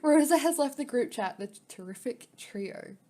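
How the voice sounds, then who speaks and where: Woman, slightly high voice, gaming channel host reading a visual novel, gasps and emotional reactions. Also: lively intonation, moderate pace, warm tone. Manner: emotional, gasping, near tears. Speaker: gaming YouTuber.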